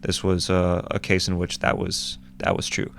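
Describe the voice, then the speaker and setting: A man's voice: low voice, completely flat delivery, normal speed, creaky, a bit bright, slight background noise. A man co-hosting a casual movie review chat, speaking with frequent restarts and fillers. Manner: hesitant, many restarts and "um"s.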